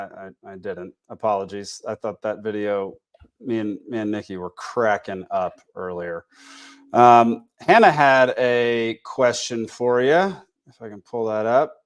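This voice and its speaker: A man's voice: on the low side, moderate pace. A man with a Texas accent hosting a casual podcast, tired and rambling with many fillers and restarts. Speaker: podcast host.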